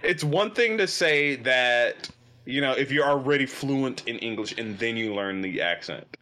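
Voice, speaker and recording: Co-host, man, bright forceful tone, argues with stammers and swears. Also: medium pitch, animated, unhurried. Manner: argumentative, stammers, swears, laughs often. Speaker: podcast co-host. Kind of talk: casual chat.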